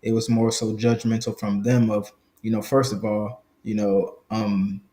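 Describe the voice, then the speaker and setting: Man in his twenties, lowish voice, from a small Southern country town, reflective, filler-heavy. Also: completely flat delivery, measured pace, warm tone. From small country town in the Gullah Geechee region, US South. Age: 20s. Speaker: guest. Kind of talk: casual interview conversation.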